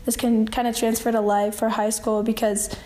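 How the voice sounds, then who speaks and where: Calm woman with a mellow, even voice. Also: on the high side, moderate pace. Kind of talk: reflective faith testimony.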